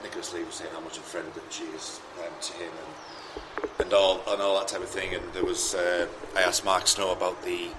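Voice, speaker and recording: A man as a roundtable guest, speaking in a measured, thoughtful way and often restarting phrases. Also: deep voice, flat delivery, background noise. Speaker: podcast guest. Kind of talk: casual roundtable chat.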